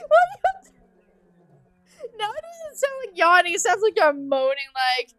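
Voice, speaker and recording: High-voiced giggly woman streamer. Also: very animated, unhurried, a bit bright, no room sound, faint music behind. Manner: giggly, chatty, yawning between sentences. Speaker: streamer and game host. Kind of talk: casual livestream chat while playing.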